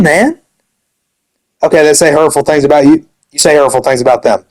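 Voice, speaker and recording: A man's voice: on the high side, fairly quick, low-quality recording. A young man ranting angrily about another member of his gaming community, swearing heavily and saying "dude" constantly. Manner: heavy swearing, repeats dude. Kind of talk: angry rant.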